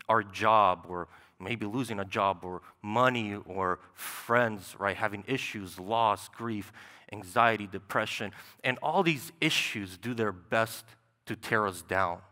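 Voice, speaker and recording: A young man delivers a sermon in a church sanctuary, keeping it conversational and checking in with "right?" as he goes. His voice sits fairly low but comes across bright and forceful. Long reverb from the hall trails after every phrase. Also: unhurried. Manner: conversational, with frequent "right?" asides. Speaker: preacher.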